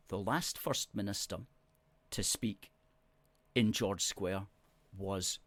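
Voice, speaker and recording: A man's voice: lowish voice, slow pace, pauses often, a bit bright, dry recording. A man hosting a live stream, reading out viewer comments and answering them with emphatic, repeated words. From Scotland. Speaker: host.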